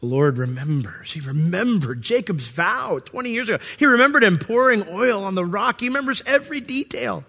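Middle-aged male pastor, slightly high voice, casual preaching style, echoing church hall. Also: lively intonation, fairly quick, vocal fry, few pauses, bright, forceful tone. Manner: conversational preaching, acts out voices of God and listeners. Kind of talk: sermon. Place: church sanctuary.

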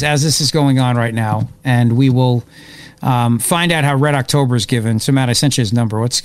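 A man hosting live political talk radio, excitable and opinionated, rambling as he reacts to events. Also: mid-range voice, no room sound. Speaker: radio talk show host.

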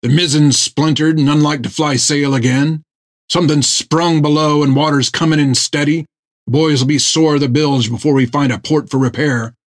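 A man voicing a gruff, stern one-legged old sailor who speaks in blunt rough seaman's dialect. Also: a little high, steady tone, normal speed, voice pushed up, close to an everyday voice.

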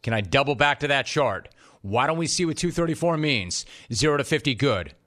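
A man hosting a sports talk show, delivering an energetic, sarcastic monologue with jokey asides in a studio. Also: medium pitch, a little fast.

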